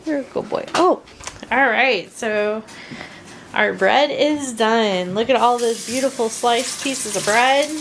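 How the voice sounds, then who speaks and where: A woman's voice: on the high side, slow pace, a bit bright. A woman hosting a home baking channel, chatting casually in her kitchen and laughing often. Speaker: home baker, channel host. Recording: noisy home recording.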